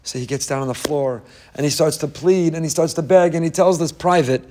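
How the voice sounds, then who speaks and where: A man's voice: on the high side, a little fast, darkish tone, a little hiss or hum. A man, a rabbi, teaching a Torah class full of parables, asking rhetorical questions and mixing in Hebrew quotes.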